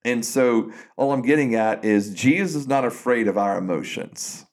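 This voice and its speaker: A man's voice: medium pitch, normal speed, a little mellow. A man co-hosting a podcast, chatting casually about faith and retelling a story with frequent restarts. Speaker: podcast co-host.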